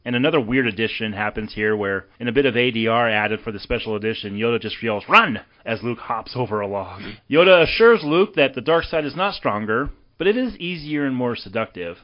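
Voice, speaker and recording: A man's voice: mid-range voice, muffled recording. A man hosting a casual film podcast, animatedly recapping scenes and passing the question to his co-hosts. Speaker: podcast host.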